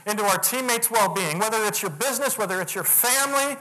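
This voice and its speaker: A man giving a motivational talk, telling a personal story earnestly and getting animated when he acts out other people. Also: high-pitched, fast, rough recording. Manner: earnest, builds to animated retellings. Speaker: motivational speaker.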